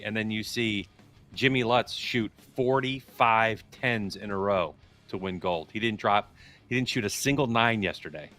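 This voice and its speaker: A man commentating archery in a relaxed, joking chat, telling stories with animated asides. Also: lowish voice, normal speed, soft background music.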